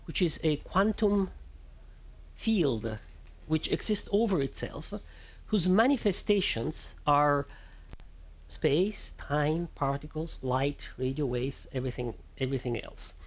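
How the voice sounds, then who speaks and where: A man from Italy with an Italian accent, giving a public lecture on physics and often pausing to search for words. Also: a little high, expressive. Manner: thoughtful, searching for words, with restarts and fillers.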